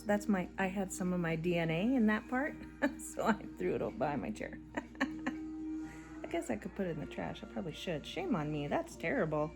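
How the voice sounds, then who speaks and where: A middle-aged woman crocheting and chatting casually at home, rambling and tired, yawning between soft laughs. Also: lowish voice, gravelly. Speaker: crochet vlogger. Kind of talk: casual chat while crocheting. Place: living room at home. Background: faint background audio playing.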